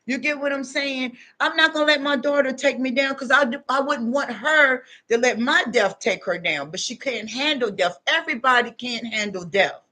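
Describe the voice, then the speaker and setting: A woman, giving a loud, animated motivational talk to her viewers and laughing often. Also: high-pitched, moderate pace, few pauses. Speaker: online talk host.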